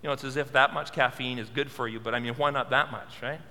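Guy preaching, earnest, lots of questions, bright voice, big echoey church. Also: mid-range voice, fairly even intonation, fast. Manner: earnest, asks many questions; repeats words when stressing. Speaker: pastor. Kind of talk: sermon.

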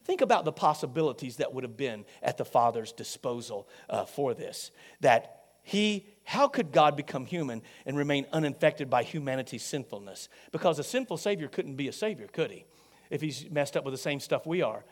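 A male pastor preaching a sermon, emphatic, asking the congregation questions and swinging between loud peaks and quiet low passages. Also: expressive, brisk.

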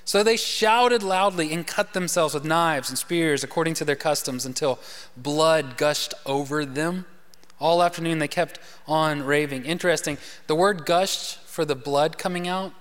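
High-voiced preacher man in echoing hall. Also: clear, resonant tone. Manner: animated storytelling preacher, dramatic shifts to hushed voice. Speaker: pastor. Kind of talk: sermon. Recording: long hall reverb.

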